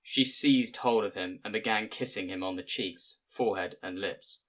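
A man with a lowish voice reads an audiobook in a measured, plain manner, letting the story unfold steadily. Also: a bit bright. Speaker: narrator. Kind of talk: audiobook narration.

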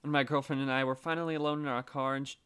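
A man's voice: mid-range voice, little pitch movement, very fast, fairly bright tone, clear, resonant tone. A man narrating a story casually, with wry, swearing asides.

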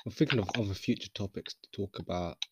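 A man's voice: sits low, fast talker, very noisy. A young man, hosting a casual podcast chat with playful, teasing banter. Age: young adult. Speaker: podcast host.

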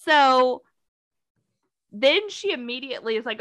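A woman's voice: fairly high pitch, lively intonation, normal speed, a bit bright, no echo. A woman co-hosting a podcast in casual chat, retelling a book scene with sarcastic asides and acting out the characters' lines. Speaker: podcast co-host.

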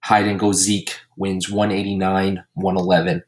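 A man with a very low voice runs a casual comedy podcast. He recaps the week in a crude, joking, deadpan way, roasting everyone in turn. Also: normal speed, background noise. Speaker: podcast host and league commissioner.

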